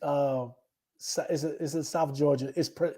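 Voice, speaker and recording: A man co-hosting a livestream, talking earnestly in a relaxed, storytelling way and often repeating his words. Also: on the high side, normal speed, poor audio. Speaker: livestream co-host, author. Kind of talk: casual livestream chat.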